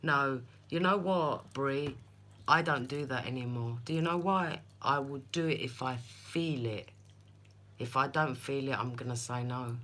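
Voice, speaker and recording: A woman's voice: a bass voice, a little slow, fairly bright tone. A woman reading tarot on a live stream, telling stories in a chatty way and talking to viewers by name. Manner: chatty, laughing storyteller who speaks to viewers by name. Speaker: tarot reader.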